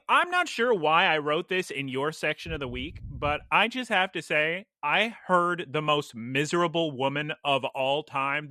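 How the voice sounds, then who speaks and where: A man hosting a casual podcast, his voice bright and forceful, a little higher than most men's. He tells stories with animated energy and laughs often, on a dry, close recording. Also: no echo. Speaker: podcast host.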